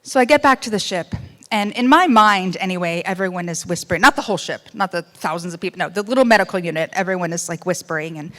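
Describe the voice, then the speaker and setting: A woman's voice: lowish voice, quick pace, hardly any pauses. Woman telling her story with swings in volume. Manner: animated, swings between loud outbursts and hushed moments; wry humor amid serious story. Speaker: speaker giving personal testimony. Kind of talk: emotional first-person storytelling speech.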